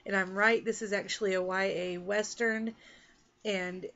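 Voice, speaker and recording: A woman's voice: medium pitch, steady tone, measured pace, gravelly, fairly bright tone, lo-fi sound. Chatty woman vlogger from Texas and Oklahoma. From Texas and Oklahoma, USA. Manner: chatty, rambling, self-deprecating. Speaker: author and book vlogger. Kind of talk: casual chat to camera.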